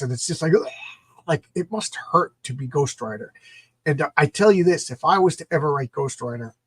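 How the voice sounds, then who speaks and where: A man's voice: fairly high pitch, slightly rough, no echo. A middle-aged man reviewing comic books in a casual, enthusiastic, rambling way. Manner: enthusiastic, rambling, repeats words.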